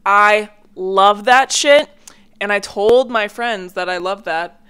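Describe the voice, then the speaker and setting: A young woman hosts a relaxed solo podcast at home by a hallway, chatting and rambling with plenty of filler words. She talks at a slow pace in a clean, fairly bright, mid-range voice, sounding a bit congested.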